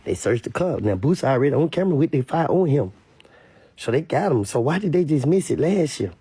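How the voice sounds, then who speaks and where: A man's voice: fairly high pitch, sing-song, a little fast, dark tone, husky, no room sound. A man with a Louisiana accent giving blunt, emphatic, repetitive commentary in a casual rant. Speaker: online commentator.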